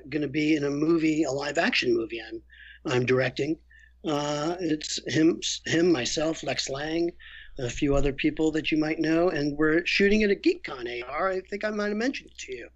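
A man guesting as a voice actor, chatting casually and telling candid, animated stories about his work. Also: fairly high pitch. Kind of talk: casual interview chat. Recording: lo-fi muffled audio.

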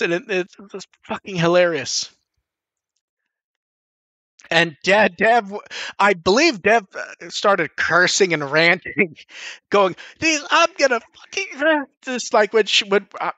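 A man hosting a podcast in casual chat, rambling and animated, swearing casually. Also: high voice, dry recording. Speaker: podcast host.

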